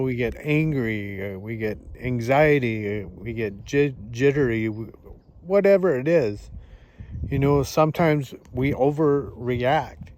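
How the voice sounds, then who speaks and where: Slow, halting man musing to camera. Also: medium pitch, darkish tone. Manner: halting, many fillers and restarts. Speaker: vlogger. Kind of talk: casual spoken reflection. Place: outdoors in the countryside.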